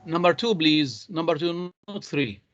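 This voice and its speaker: A man teaching an English class online, patient and halting with many fillers. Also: a little high, animated, a bit bright, a little hiss or hum. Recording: dull dry lo-fi sound.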